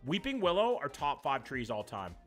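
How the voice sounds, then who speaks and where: A young man, doing live-stream commentary, reacting to chat in a jokey, profane, animated way. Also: mid-range voice, moderate pace, soft background music.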